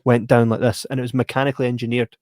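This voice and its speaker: A man's voice: mid-range voice, level tone, rapid-fire, darkish tone, dry recording, studio quality. A Scottish man co-hosting a podcast, chatting casually about a film, laughing and acting out scenes with squeals and sound effects. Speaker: podcast co-host.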